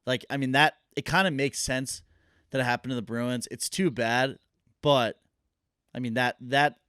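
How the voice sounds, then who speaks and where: A man's voice: mid-range voice, steady tone, moderate pace, bright, forceful tone, clean tone, dry recording, studio quality. A young man co-hosting a casual podcast chat, laid-back and full of fillers. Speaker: podcast co-host.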